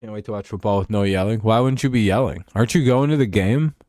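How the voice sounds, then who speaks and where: A man with a fairly low voice rants about football on his own show, profane and sarcastic. The sound is dry and close, with no room around it. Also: quick pace, darkish tone, no room sound. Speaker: host. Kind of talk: casual football talk show.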